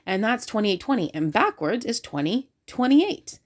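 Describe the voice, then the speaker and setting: A woman talking excitedly and casually into her phone, full of fillers and restarts. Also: a little high, normal speed. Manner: excitable and talkative, many fillers. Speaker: religious video creator. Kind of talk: casual talk to camera.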